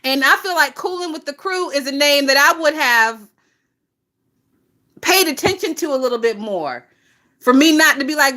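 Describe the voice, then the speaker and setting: A woman hosting a casual gossip livestream, talking in a lively, profane way and laughing often. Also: high voice, moderate pace, long pauses. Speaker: livestream host.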